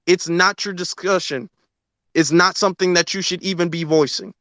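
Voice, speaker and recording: A man's voice: high-pitched, steady tone, moderate pace, pushed and bright, no echo. A man hosting a live online audio discussion, arguing his point in an insistent, lecturing way into a phone mic. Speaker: host of a Twitter space discussion. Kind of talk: live audio room debate.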